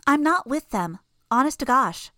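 A woman's voice: high-pitched, expressive, moderate pace, bright, forceful tone, dry recording, clean studio sound, voice pushed up. A woman voicing an eerie, murderous little girl with a sweet, childish manner in a fan audiobook. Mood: sweetly pleading. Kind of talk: audiobook character voice.

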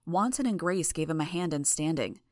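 A woman reading a first-person audiobook in a measured, even way. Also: low voice, no echo, clean studio sound. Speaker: audiobook narrator.

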